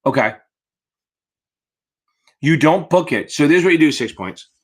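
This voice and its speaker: A man's voice: on the high side, lively intonation, a little slow. Blunt, profane man tutoring live. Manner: blunt and profane, calls viewers baby. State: tired, yawning. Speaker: securities exam tutor. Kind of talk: live Q&A stream, casual teaching.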